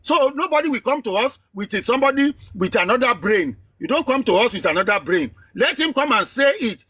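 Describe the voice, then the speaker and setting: A man's voice: very high-pitched, expressive, brisk, sharp tone, slightly rough, no echo. A man arguing emphatically in an online live debate. He lectures and hammers home the same phrases. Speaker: debate participant.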